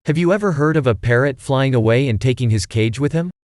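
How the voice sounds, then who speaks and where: A man reading an audiobook, voicing an elderly male stage actor who talks in a slow, theatrical, drawn-out way. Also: mid-range voice, a little mellow, no echo, studio quality, natural voice. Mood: indignant.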